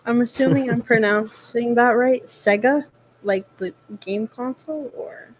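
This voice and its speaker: A woman's voice: a little high, normal speed, husky, low-quality recording. A woman playing in an online tabletop game, wry and teasing in casual chat. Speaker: player. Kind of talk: casual role-play chat.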